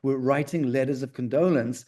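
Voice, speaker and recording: A man's voice: medium pitch, normal speed, dark tone. A man speaking as an interview guest in a rambling, conversational way, full of fillers and restarts.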